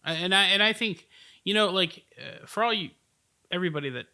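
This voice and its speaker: A man co-hosting a casual chat, agreeable and quick to chime in, often talking in broken fragments. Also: high-pitched, bright, forceful tone, smooth. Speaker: podcast co-host, label manager.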